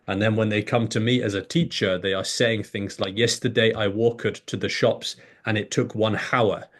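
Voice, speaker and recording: A man with a fairly low voice talks through his ideas as a teacher, explaining steadily. He breaks into quick demonstrations of how learners pronounce words, so his delivery stays lively and hands-on. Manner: animated, demonstrates pronunciation examples. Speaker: English teacher, guest. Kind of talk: explanatory conversation.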